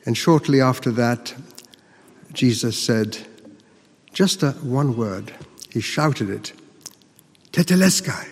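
A man performing a first-person monologue as a disciple recounting the crucifixion, speaking earnestly with emphatic dramatic pauses. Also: mid-range voice, husky, in a large hall.

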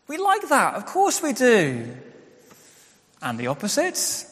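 Preaching without hurry, a young pastor speaks candidly and conversationally, owning up to his shortcomings through self-deprecating remarks. His slightly high, a bit bright voice makes huge pitch swings, echoing with long church-hall reverb.

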